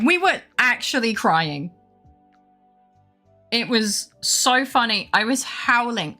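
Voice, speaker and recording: A woman streamer chatting casually with her live chat, rambling through a funny story with animated retellings. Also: on the high side. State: unwell with brain fog.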